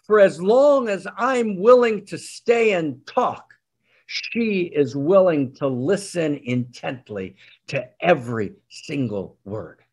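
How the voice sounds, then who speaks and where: Humble, earnest male butcher, husky voice with lively rises and falls, told by a male preacher. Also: fairly high pitch, takes it slowly, pitched above the performer's own voice, full character voice. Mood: reverent. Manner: earnest, heartfelt, reflective.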